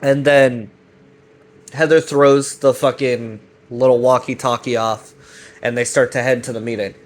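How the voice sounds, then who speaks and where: Casual male recap host, mid-pitched, loose and profane. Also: steady tone, a little slow. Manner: loose, profane, full of fillers and restarts. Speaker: web series recap host. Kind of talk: casual rambling plot recap.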